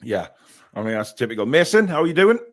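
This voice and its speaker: A man's voice: mid-range voice, sing-song, fast talker, a bit bright. A man hosting a casual fan podcast, chatting and reacting with frequent filler words. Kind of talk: casual live-stream chat.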